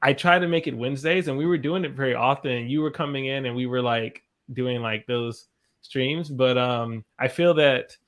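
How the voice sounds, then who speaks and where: A man's voice: medium pitch, moderate pace, fairly bright tone. An American man hosting a casual live-stream chat over a video call, rambling and searching for his words. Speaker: host.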